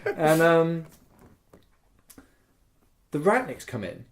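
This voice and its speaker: A man's voice: a little high, big pitch swings, very slow. A man co-hosting a podcast, animatedly retelling a live roleplay event, swearing freely and making gunshot noises. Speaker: podcast co-host.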